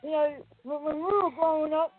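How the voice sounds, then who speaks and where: A man in his fifties calling in to a radio show, talking in a halting way that trips over his words. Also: extremely high pitch, fairly even intonation. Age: 50s. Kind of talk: casual radio banter. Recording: tinny phone-like line with faint music.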